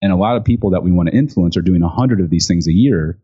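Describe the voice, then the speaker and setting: Low-voiced man telling a story animatedly. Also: fast, slightly rough. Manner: animated storyteller acting out quotes with many fillers. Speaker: guest, speaker and author on gifting. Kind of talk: storytelling in an interview. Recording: dull lo-fi sound.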